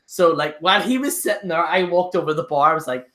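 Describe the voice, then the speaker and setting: A young Northern Irish man hosts a casual live-stream chat, swapping pub stories packed with swearing and laughter. His voice sits on the high side with a sharp tone, and he talks fast in a Northern Irish accent.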